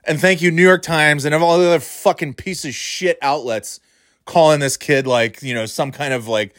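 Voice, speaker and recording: A man's voice: fairly high pitch, normal speed, fairly bright tone, dry recording, studio quality. A man delivering an angry, profane rant with choppy, restarting sentences. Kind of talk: ranting monologue.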